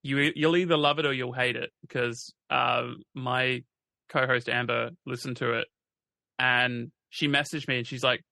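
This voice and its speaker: A man co-hosting a podcast in casual chat, eager and quick to agree. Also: medium pitch, fairly even intonation, vocal fry, bright, forceful tone, dry recording. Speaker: podcast co-host.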